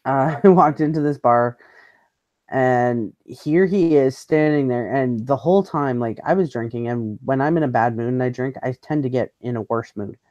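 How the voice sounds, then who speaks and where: A woman's voice: extremely low pitch, moderate pace, a little mellow, no room sound, dull audio. Woman host, blunt swearing storyteller, laughs a lot, dry close sound. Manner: blunt, profane, laughs often mid-story. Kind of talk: casual storytelling chat.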